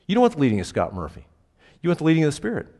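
A man's voice: on the high side, huge pitch swings, racing, dark tone. A man preaching a casual, conversational sermon, often checking in with the congregation and punching key words. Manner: casual, asks the congregation questions, emphatic bursts. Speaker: pastor. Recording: reverberant hall.

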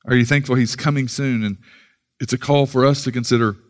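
An earnest man preaching a sermon, his voice sitting at an ordinary middle pitch. He reads scripture aloud and often repeats a word or two as he starts each new thought. He is from the United States. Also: steady tone, a little fast. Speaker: pastor.

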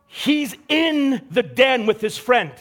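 A man's voice: very high voice, lively intonation, slow pace, fairly bright tone. A young man preaching a casual, conversational sermon, acting out the characters he quotes. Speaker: pastor.

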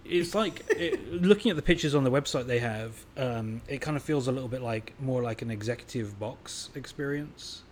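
A man's voice: medium pitch, lively intonation, moderate pace, few pauses, a little mellow. Dry-humored man co-hosting a podcast. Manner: dry, self-mocking humor. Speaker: podcast co-host. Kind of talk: casual chat.

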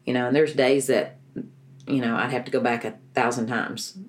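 A woman's voice: very deep voice, steady tone, normal speed. Earnest woman telling her story. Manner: earnest, emotional, rambling with restarts. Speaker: guest, bereaved mother. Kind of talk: personal story in an interview.

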